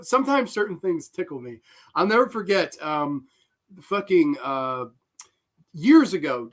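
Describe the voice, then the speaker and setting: A man's voice: a little high, fairly bright tone. A young man giving rambling, profane live commentary on a horror film and breaking into giggling fits.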